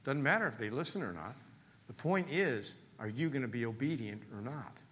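A man pastor preaching a sermon in a church, swinging between animated emphasis and quiet, hushed appeals. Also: medium pitch, moderate pace, breathy edge, long reverb tail. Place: church sanctuary.

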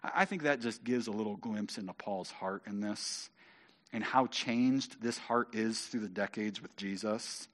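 A man reading scripture aloud and explaining it in a lively, conversational way, often stammering and repeating words as he goes. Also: fairly low pitch, a little slow. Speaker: Bible teacher.

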